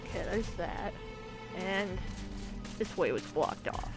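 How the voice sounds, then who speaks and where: A woman's voice: mid-range voice, lively intonation, slow, loud music behind the voice. A woman hosting a let's-play video, chatting casually, giggling often and trailing off mid-thought. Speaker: gaming video host.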